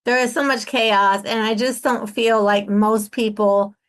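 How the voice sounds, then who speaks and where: A woman in her sixties chats as host of a podcast interview. Her voice sits fairly high, and she talks emphatically, repeating words. She slips into other people's voices to act out their lines. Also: fairly even intonation, unhurried, smooth. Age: 60s. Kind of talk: casual interview chat.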